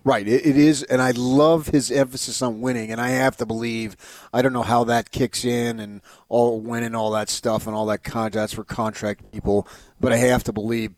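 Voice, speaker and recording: A man's voice: fairly low pitch, dry recording. A man hosting sports talk, rambling with restarts and growing emphatic when he praises a player. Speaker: sports radio host.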